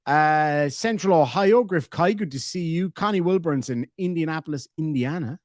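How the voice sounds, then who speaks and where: A man's voice: on the high side, normal speed, a little mellow, no room sound, clean studio sound. An Irish man in his thirties hosting a live stream, joking and reading out viewer comments in casual chat. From Ireland. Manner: jokey, reads viewer comments aloud.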